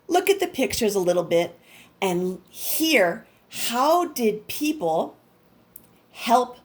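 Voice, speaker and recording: Teacher lady reading a kids' picture book out loud, super lively, voice jumps all over, kinda high. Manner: lively, expressive, speaks directly to kids. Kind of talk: picture book read-aloud.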